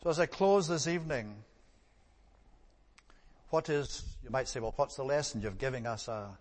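A man preaching a sermon, emphatic, rising sharply on key points and then dropping low. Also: moderate pace. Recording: long hall reverb.

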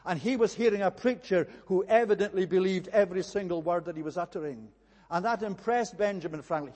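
A man delivers a sermon in a steady, earnest manner. His voice sits high for a man, and it rings out with a long reverb, as in a large church hall. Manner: earnest, measured preaching with occasional slips. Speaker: preacher.

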